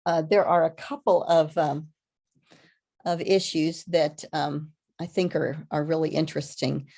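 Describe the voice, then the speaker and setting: She is a webinar presenter lecturing live over a video call, her speech halting and dotted with ums and restarts. Her low voice stays steady, with a warm tone.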